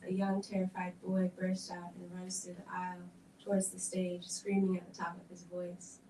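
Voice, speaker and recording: A woman gives a measured dramatic reading of a script at a film event. Her delivery stays flat and level throughout. She is heard from a distance in an echoey hall with faint noise behind her. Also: fairly low pitch. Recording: echoey room, distant mic.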